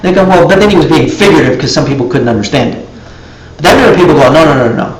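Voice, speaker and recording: A man's voice: fairly high pitch, reverberant, poor audio. A man teaching a live class, telling stories and acting out little dialogues in raised voices.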